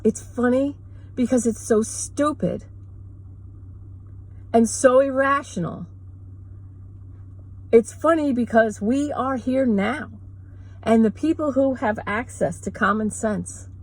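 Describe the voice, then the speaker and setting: A woman vlogger ranting sarcastically in a rambling, mocking way, with quick asides. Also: fairly high pitch, darkish tone, low-quality recording. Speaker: mother. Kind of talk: sarcastic comedic rant.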